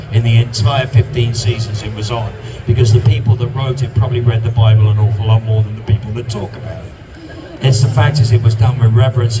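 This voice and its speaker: A man's voice: mid-range voice, distant mic, background noise. A man giving an impassioned guest talk on a convention stage, stacking up emphatic repeated phrases. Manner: passionate, emphatic repetitions.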